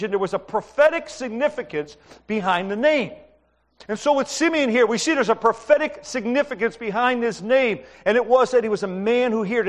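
High-pitched middle-aged male pastor. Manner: conversational, asks the congregation questions; tells personal stories with humor. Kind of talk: sermon.

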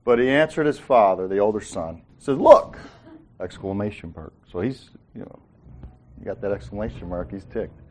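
A man's voice: lowish voice, fairly quick, darkish tone. A man leading an informal Bible study, joking and acting out the characters' lines in a folksy way. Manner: folksy, joking, acts out quotes.

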